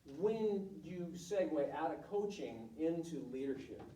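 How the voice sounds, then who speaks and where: The voice belongs to a middle-aged man, fairly high and dark, a little slow but lively in intonation. As a volleyball coach giving an informal presentation to students, he tells blunt, candid career stories with acted quotes, heard far away in an echoey room with slight background noise.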